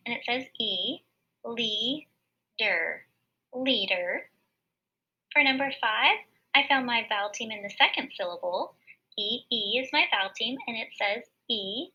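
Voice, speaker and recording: A woman teacher giving a recorded word study lesson for children, patiently sounding out syllables slowly and clearly. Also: a little high, sharp tone, dull audio.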